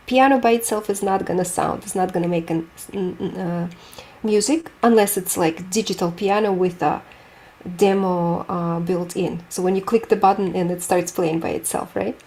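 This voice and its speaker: Lady piano teacher, soft dark tone, lots of questions and encouragement. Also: mid-range voice, creaky. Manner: encouraging, explains with imagery and questions. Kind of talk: online group piano lesson.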